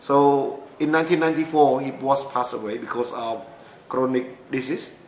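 A middle-aged Cambodian man tells his own story in halting English, restarting his sentences as he searches for words. He has a Cambodian accent and an ordinary, mid-range voice. The recording is echoey, with faint background noise. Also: mid-range voice, flat delivery. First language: Khmer. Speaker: speaker telling his life story. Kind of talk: personal storytelling talk.

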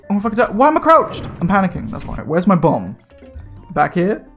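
An excitable young man narrates his own gameplay, jumping from mutters to sudden shouts of alarm, with a very lively, swinging pitch. He swears freely and talks loosely, and faint game music plays under his voice. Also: a little fast. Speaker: let's play gamer. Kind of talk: casual gameplay commentary.

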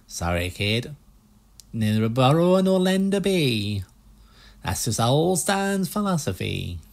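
A man voicing a pushy, fast-talking used-ship salesman with a put-on American salesman accent, reading game dialogue. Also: medium pitch, very animated, vocal fry. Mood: smooth salesy. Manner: slick, hard-selling patter.

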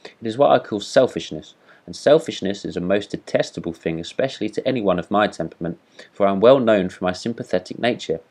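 A boastful, self-important firework rocket looks down on everyone around him, as a man reading a storybook puts him on. The voice sits very low and speaks with haughty disdain. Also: animated, quick pace, darkish tone. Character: vain pompous boastful male firework rocket.

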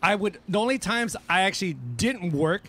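Brief: middle-aged man, high-pitched, animated casual storyteller. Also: normal speed. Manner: animated storyteller, repeats himself. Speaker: DJ guest. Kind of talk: casual chat.

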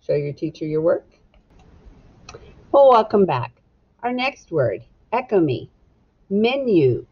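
Slow, gentle woman teaching phonics. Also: on the low side, slightly rough. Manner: slow and deliberate, sounding out syllables and letters; gentle and encouraging toward young children. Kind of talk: children's phonics lesson. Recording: dull lo-fi sound.

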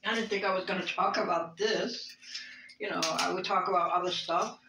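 Vocal fry colors this Brooklyn vlogger's low, steady voice as she talks at normal speed over a noisy background. Rambling from her bedroom, she reflects emotionally and hesitantly, with lots of fillers and restarts, and the space adds a roomy echo.

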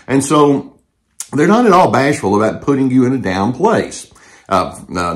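Calm measured older man giving advice. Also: medium pitch. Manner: calm, measured, with frequent fillers and restarts. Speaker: therapist and channel host. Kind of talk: advice talk to camera.

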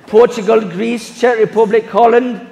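A man's voice: extremely high pitch, moderate pace, creaky. A man doing a rambling football pundit. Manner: rambling, full of fillers, deadpan self-regard. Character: rambling Scottish ex-player tipped as manager. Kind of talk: live stage impression. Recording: live hall with audience.

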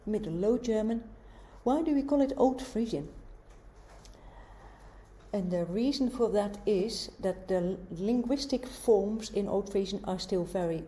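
Female lecturer, mid-range voice, calm and methodical with questions to the class. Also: medium pitch. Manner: measured, explanatory, with rhetorical questions. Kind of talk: university lecture.

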